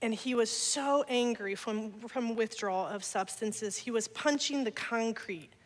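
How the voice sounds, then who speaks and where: A woman giving an energetic church talk, sharing personal testimony with laughter and playful asides. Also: fairly high pitch. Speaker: guest speaker. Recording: long church hall reverb.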